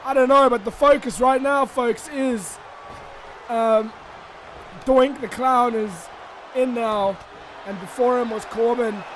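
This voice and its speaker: A man with a very high voice calls a wrestling video game on his own, loud and excitable. He shouts often and swings from rants to mock outrage, with a faint hiss of noise behind him. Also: slow, long pauses.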